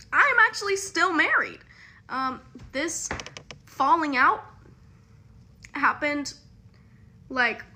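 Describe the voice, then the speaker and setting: A woman's voice: high voice, pushed and bright. A young woman chatting candidly with the viewer in a casual storytime. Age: young adult.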